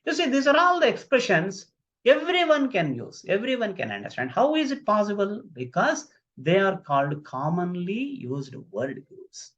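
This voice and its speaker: A man teaching an online fluency lesson in an emphatic, expressive way. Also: high voice, moderate pace. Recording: slightly muffled lo-fi audio.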